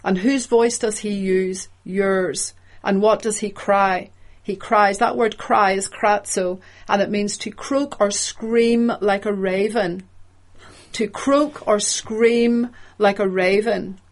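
A woman preaching a sermon in a measured, emphatic way, explaining the meaning of words as she goes. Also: mid-range voice, steady tone.

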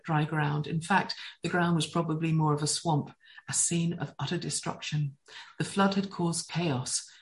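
Woman, Bible teacher, enthusiastic, lively storytelling, lowish voice. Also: rough recording. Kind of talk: teaching talk on Hebrew words.

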